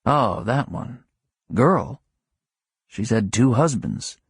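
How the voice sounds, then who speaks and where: A man narrating plays a wisecracking middle-aged husband who grumbles in mock gruffness. His voice is mid-pitched and a touch husky, recorded dry and close. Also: lively intonation, takes it slowly, no room sound, full character voice. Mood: wry. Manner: sardonic, mock-gruff banter. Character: wry joking middle-aged shop clerk husband. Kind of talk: audiobook character reading.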